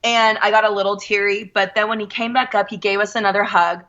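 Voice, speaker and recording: A woman telling a lively story as a guest, quoting people as she goes. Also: medium pitch, fast, highs cut off. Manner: animated, quotes others in her story. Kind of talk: casual storytelling.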